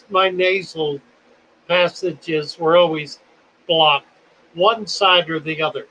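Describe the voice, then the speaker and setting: Brief: phlegmy man in his seventies, folksy rambling host, bright tone, unhurried. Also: on the high side, lo-fi sound, slight background noise. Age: 70s. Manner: folksy, rambling, self-deprecating. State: phlegmy, coughing. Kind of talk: casual livestream chat.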